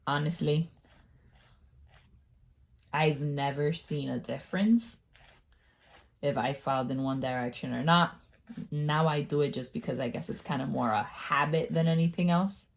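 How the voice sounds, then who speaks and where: A woman talking through a casual nail-care tutorial, chatty and quick to laugh at herself. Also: low voice, vocal fry. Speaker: beauty vlogger.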